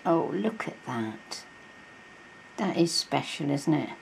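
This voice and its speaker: A woman's voice: low voice, animated, slow pace, creaky, darkish tone, a little hiss or hum, low-quality recording. A woman crafting vlogger in a casual show-and-tell, chatty and gushing, with many fillers, recorded on a camera mic at home.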